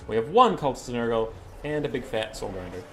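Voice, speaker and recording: A man casting a game tournament on a live stream, chatty and excitable, swearing casually and chuckling often. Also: medium pitch, a little fast, over music.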